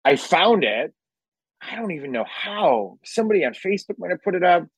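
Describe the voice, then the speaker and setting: A man in casual chat, telling a radio story with lively acted-out quotes and casual swearing. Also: high-pitched, fairly quick, breathy edge, no room sound, rough recording.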